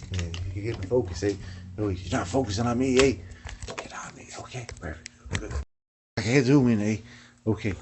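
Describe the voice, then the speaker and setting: A man's voice: medium pitch, darkish tone, a little hiss or hum, lightly acted. A man putting on a goofy Canadian hoser voice with a Canadian accent, ending nearly every phrase with "eh". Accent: Canadian (put on).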